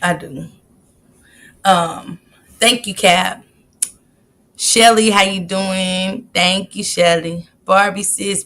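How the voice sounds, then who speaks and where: A woman hosts a casual live stream. She chats in a lively way and greets viewers in the chat one by one by name. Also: medium pitch, slow pace.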